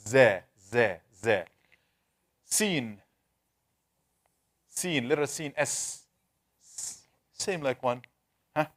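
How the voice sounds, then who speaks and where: A man leads a live online Tajweed class, slowly sounding out each Arabic letter several times. His voice sits at a middle pitch, and he keeps a patient, steady teaching manner while he calls on students one by one.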